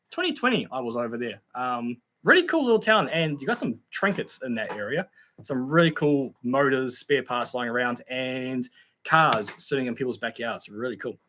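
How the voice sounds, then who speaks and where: A man's voice: on the high side, bright, forceful tone. A young man hosting a casual livestream, reading out viewer comments in a chatty, laid-back way with frequent ums and laughs.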